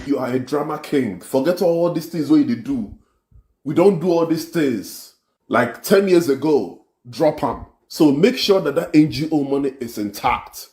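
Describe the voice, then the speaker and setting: A man's voice: on the high side, lively intonation, normal speed, a little mellow. Scolding Nigerian man in echoey room. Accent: Nigerian Pidgin-inflected English. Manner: scolding, boastful, challenging. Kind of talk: social media video rant.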